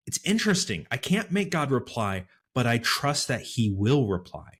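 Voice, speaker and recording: A man co-hosting a casual Bible study podcast, talking in a thoughtful, animated way with frequent fillers. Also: fairly low pitch, normal speed, slightly rough. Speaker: podcast co-host.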